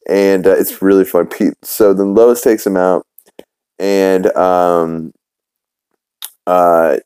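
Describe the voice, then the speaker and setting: Brief: low, dark-voiced male podcast host, rambling casual recap, dry close mic. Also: fairly even intonation, takes it slowly, clear, resonant tone, no echo. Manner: rambling, filler-heavy, swears casually.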